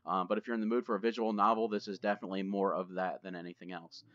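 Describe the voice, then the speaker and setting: A gaming channel host with a low, fairly bright voice and little pitch movement races through casual gameplay commentary. He chats loosely, swears, and jokes while playing. His desk microphone gives a dull lo-fi recording with game music underneath.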